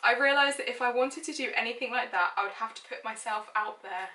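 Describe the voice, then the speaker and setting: A lifestyle blogger in her late twenties reads her childhood diary aloud, chatty and self-mocking, giggling now and then. She talks fast in a fairly high, pushed, bright voice, recorded in an echoey room far from the mic.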